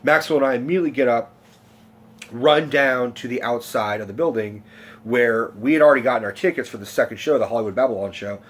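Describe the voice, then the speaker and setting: A man telling a long personal story in a casual vlog rant, rambling and excitable, swearing often and restarting his sentences. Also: medium pitch, quick pace. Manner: rambling, excitable, profane, many fillers and restarts. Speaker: vlogger.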